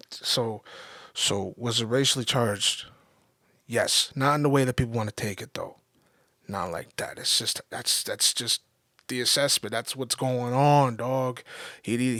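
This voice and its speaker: A man's voice: mid-range voice, fairly bright tone, no echo, clean studio sound. A man hosting his own podcast, delivering a casual, profane, heated commentary with emphatic repetition. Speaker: podcast host.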